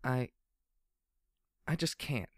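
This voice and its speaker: A man voicing a fragile young female pegasus soldier, speaking in a soft, buzzing drawl that turns shaky and halting. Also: no room sound, clean studio sound. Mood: shaky, distressed. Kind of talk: audiobook character reading.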